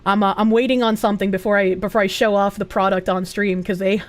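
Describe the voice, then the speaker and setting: A young woman livestreaming casually, giggly and loud, swearing freely as she reads chat aloud. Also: medium pitch, steady tone, a little fast. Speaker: streamer.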